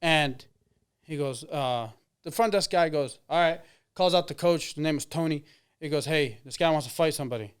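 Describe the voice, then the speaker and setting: A man's voice: on the high side, normal speed, smooth. A man in his twenties, an MMA fighter, telling stories in casual chat, rambling with many fillers and acting out quoted dialogue. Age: 20s. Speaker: interview guest, MMA fighter. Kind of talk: casual storytelling.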